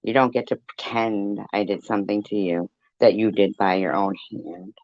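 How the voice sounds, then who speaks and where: A man delivering a profane, taunting rant straight to the camera, slow and deliberate. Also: fairly low pitch, fairly even intonation, no room sound, dull audio.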